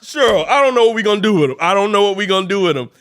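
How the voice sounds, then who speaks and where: A man voicing his panicked middle-aged father, who shouts and repeats himself in alarm. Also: high-pitched, animated, very fast, pitched above the performer's own voice.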